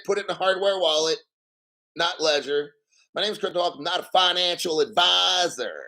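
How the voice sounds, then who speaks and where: A man hosting a live-streamed crypto show, reading an article aloud and riffing on it in an excitable, profane way, often claiming he is about to cry. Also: on the high side. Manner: profane, excitable, mock tearful; reads article aloud slowly, then riffs. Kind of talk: live-stream commentary with callers.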